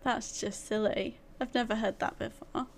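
A woman from England chats casually in a fairly high voice. She teases her co-host and reacts quickly. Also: steady tone. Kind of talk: casual chat.

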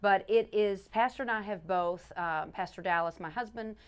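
A woman's voice: mid-range voice, normal speed, smooth. Earnest middle-aged woman teaching scripture. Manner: earnest, restarts often, repeats scripture with stress on each word. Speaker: pastor's wife and podcast co-host. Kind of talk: casual faith podcast teaching.

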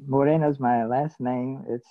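A man's voice: medium pitch, steady tone, dry recording. A man from Colombia, speaking hesitantly in a casual video chat. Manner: hesitant, halting. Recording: tinny phone-like line.

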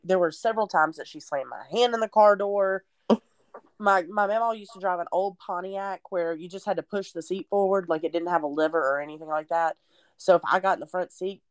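A young woman with a drawl tells her own story in a candid, chatty way, now and then near tears. Her voice sits a little low. The recording is dry and close, with no room sound. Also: dry recording. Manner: candid, chatty, at times tearful. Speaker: podcast guest sharing testimony. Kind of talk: personal storytelling.

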